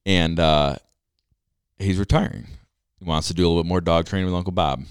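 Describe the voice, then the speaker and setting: A man's voice: sits low, fairly even intonation, brisk, clear, resonant tone, dry recording, clean studio sound. A man co-hosting a podcast in easygoing casual chat, laughing as he talks. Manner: easygoing, laughs while talking. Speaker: podcast co-host.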